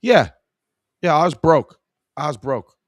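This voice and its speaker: A man's voice: fairly high pitch, expressive, unhurried, no echo, lo-fi sound, pitched above the performer's own voice. A man voicing a cocky young male customer with an exaggerated Staten Island accent, brash and streetwise.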